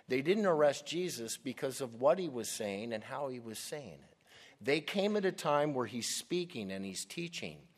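A man preaching a sermon as pastor, delivering emphatic, deliberate lines with dramatic stresses. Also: medium pitch, animated, long reverb tail.

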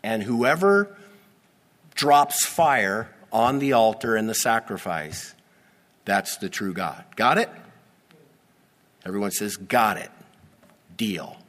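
Man, pastor; measured, deliberate sermon delivery with wry asides; reverberant sanctuary sound. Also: on the low side, a bit bright. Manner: expository, teasing asides, emphatic.

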